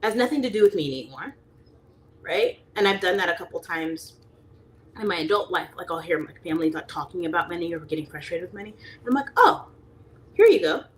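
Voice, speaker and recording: A young woman with a low voice chats loosely to her livestream audience, wandering from thought to thought. She fills her talk with fillers and breaks into lively, high-pitched impressions of people she quotes. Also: fast. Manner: rambling, chatty, lots of fillers, voices quoted people animatedly. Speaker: livestream host reading chat. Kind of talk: casual rambling livestream chat.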